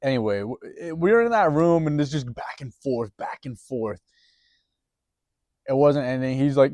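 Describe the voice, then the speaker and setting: A man's voice: mid-range voice, animated, normal speed, darkish tone, no room sound. Man rambling through a profane story. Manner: rambling and profane, with restarts and chuckles. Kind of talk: casual storytelling.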